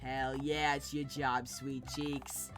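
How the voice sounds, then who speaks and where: Brief: woman playing a crude swaggering man caller, low and loud, music under. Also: level tone, slow. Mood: sleazy. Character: sleazy brash male mugger caller. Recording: game music behind.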